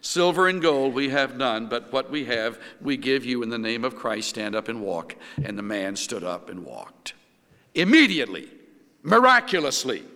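Older pastor preaching in a reverberant hall. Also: male voice, medium pitch, bright, forceful tone. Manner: earnest, measured preaching with frequent restarts. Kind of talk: sermon.

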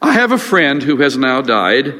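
An older man preaching a sermon as a pastor, earnest and halting, with frequent restarts and fillers. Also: medium pitch, very animated, bright, forceful tone. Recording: long reverb of a large hall.

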